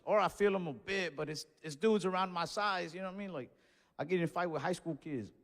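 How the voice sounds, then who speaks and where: A man doing stand-up, telling a story in a casual, profane way with sudden shouted bursts, recorded live on stage. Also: fairly high pitch. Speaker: stand-up comedian. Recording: reverberant live venue with faint ambience.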